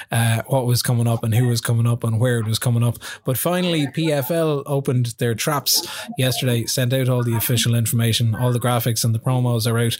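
Chatty male sports podcast host. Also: medium pitch. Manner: chatty, many fillers and restarts. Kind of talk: casual sports podcast chat.

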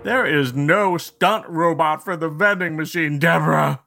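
A man's voice: fairly high pitch, measured pace, vocal fry, pushed and bright, faint music behind, exaggerated voice. A man voicing a stiff, self-important female studio robot in a comedic game show podcast. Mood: prim. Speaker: sound effects robot sidekick.

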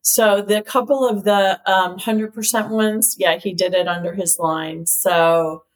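A woman who is a company CEO and cosmetic chemist, telling stories as an interview guest in a lively way, laughing often and using lots of "like.". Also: mid-range voice, measured pace. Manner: lively storyteller, laughs often, many "like" fillers. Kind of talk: casual chat, telling stories.

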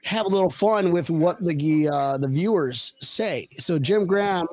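High-voiced excitable man host. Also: measured pace. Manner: excitable, swears freely, bro talk. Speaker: podcast host. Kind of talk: casual chat.

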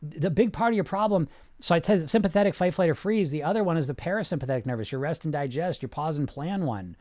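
A man coaching on weight loss in a casual live chat. He talks in a rambling, animated way with many restarts and "right?", then slows into calm relaxation cues. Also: on the high side, no room sound, studio quality.

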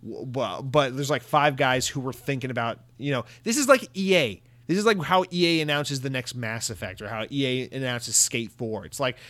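A young man giving a sarcastic, profane rant as a gaming commentator, mocking companies with quick impressions. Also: mid-range voice, a bit bright, no room sound. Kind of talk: ranting video commentary.

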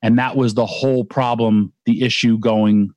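A man's voice: medium pitch, fairly even intonation, moderate pace, darkish tone, no room sound, dull audio. A man in his forties casually telling a long, emotional anecdote, rambling with restarts and acting out other people's voices.

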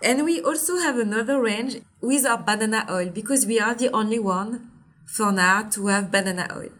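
A woman's voice: fairly high pitch, moderate pace, fairly bright tone. French-accented woman in her forties. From Martinique. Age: 40s. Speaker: founder of a skincare brand. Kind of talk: interview.

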